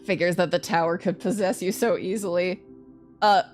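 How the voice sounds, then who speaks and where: A woman's voice: fairly low pitch, steady tone, brisk, soft background music. A woman streaming a story game, reading its text aloud and breaking off into playful, laughing asides. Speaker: VTuber streamer. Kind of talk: reading a game's story aloud with live commentary.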